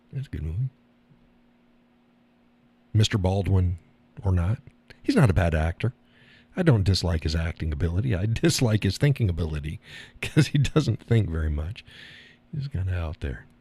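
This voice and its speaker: A man's voice: low voice, very animated, normal speed, pauses often, darkish tone, slightly rough, no echo. A man hosting a live stream, chatting casually and answering his viewers with frequent laughs. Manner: rambling, laughs often, reads and answers chat.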